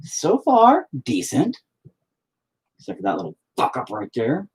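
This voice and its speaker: A man's voice: mid-range voice, huge pitch swings, unhurried, breathy edge, low-quality recording. A man chatting casually as he paints at home, rambling, swearing often and joking around. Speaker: artist painting on a stream. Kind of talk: casual chat while painting. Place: at home near the dining table.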